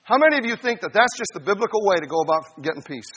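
Pastor, male, high bright voice, lively sermon delivery that swings between quiet asides and loud bursts. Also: fast talker, husky.

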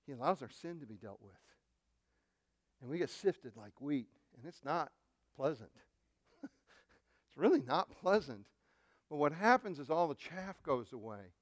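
A man's voice: on the high side, dry recording. A man preaching a sermon as a pastor, speaking animatedly, addressing the congregation directly and acting out quotes.

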